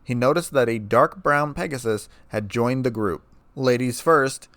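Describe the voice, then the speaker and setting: Male narrator for a fan story reading: mid pitch, very dry close sound. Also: lively intonation, normal speed, fairly bright tone, no echo.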